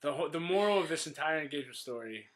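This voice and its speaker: A man's voice: a little high, expressive, rapid-fire, crowd noise. A young man in his twenties telling his engagement story to the camera in a joking, self-mocking way, often quoting others.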